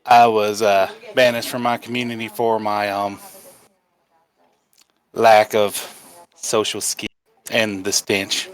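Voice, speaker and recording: Man, tabletop player, lowish voice, halting, lots of fillers. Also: little pitch movement. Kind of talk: in-character introduction at a tabletop game.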